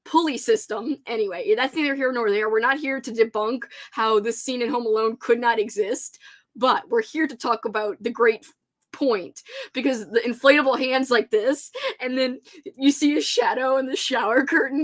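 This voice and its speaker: A woman's voice: a little high, normal speed. A woman hosting a casual livestream chat, giggly and rambling. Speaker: host.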